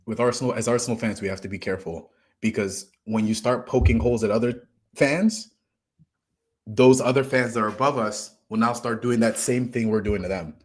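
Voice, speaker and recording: A man from the United States talks football in a relaxed, rambling way. He restarts his sentences often, and his voice swings between loud bursts and quiet asides. His voice sits at an everyday middle pitch. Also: a little fast. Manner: rambling, restarts phrases, lively swings in loudness. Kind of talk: casual football chat.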